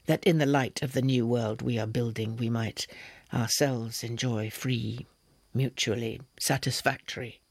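A man voicing an awkward, earnest young male revolutionary who speaks in a ponderous, hesitant monotone. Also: medium pitch, unhurried, vocal fry, breathy edge, dry recording.

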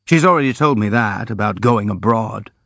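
A man's voice: lowish voice, animated, normal speed, creaky, fairly bright tone, no echo, full character voice. A man reading the part of a brooding, jealous young man in an audiobook, in an intense, bitter, confiding way, recorded dry and slightly dull.

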